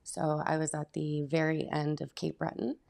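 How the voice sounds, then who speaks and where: Female interview guest, very low gravelly voice, calm and unhurried. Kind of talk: casual interview chat. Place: indoor arts creation center.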